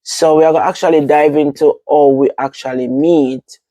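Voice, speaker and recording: Jamaican woman hosting a vlog, mellow and dry, relaxed Patois rambling. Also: low voice, normal speed, no echo, muffled recording. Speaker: host. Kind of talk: casual vlog talk.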